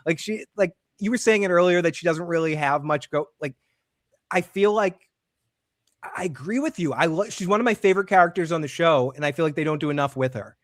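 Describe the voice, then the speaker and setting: A man co-hosting a casual TV recap, excitable, laughing often and acting out characters' lines. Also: fairly high pitch, normal speed, dry recording, studio quality. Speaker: podcast co-host.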